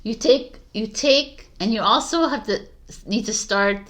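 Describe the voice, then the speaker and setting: A woman's voice: a little high, a little slow, a bit bright. A woman giving a casual spoken tarot reading, chatty and encouraging, with frequent fillers and restarts. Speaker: tarot reader.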